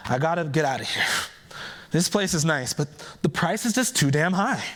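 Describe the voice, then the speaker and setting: A clever male trickster rabbit who speaks in a wry, exasperated way, as a male storyteller puts him on. The voice sits a little high. This is a folktale told aloud. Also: lively intonation, normal speed, fairly bright tone. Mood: weary resolve.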